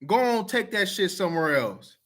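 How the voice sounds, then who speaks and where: A man's voice: sits high, very animated, moderate pace, fairly bright tone. A man talking straight to camera, blunt, profane and heated, repeating himself to press his point. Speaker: video commenter. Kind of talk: casual talk to camera.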